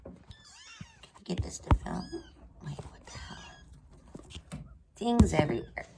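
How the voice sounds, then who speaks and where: A woman filming her kittens at home, talking to them in soft, soothing baby talk. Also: medium pitch, wildly swooping pitch, a little slow, vocal fry, very noisy. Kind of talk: casual home video, talking to pets.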